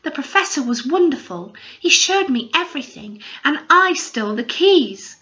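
Casting: a woman playing a determined young girl in a storybook, eager, a bit higher than her narration, slightly dull recording. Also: expressive, moderate pace, sharp tone.

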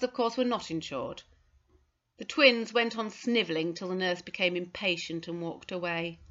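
A woman narrating a children's novel in a steady storytelling manner. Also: medium pitch, dull audio. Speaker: audiobook narrator. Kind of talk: scripted narration.

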